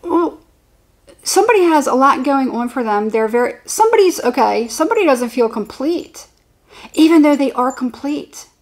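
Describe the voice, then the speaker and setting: Chatty, excitable higher-voiced woman tarot reader. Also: moderate pace, rough recording. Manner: chatty and excitable, rambling with restarts. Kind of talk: casual tarot reading to camera.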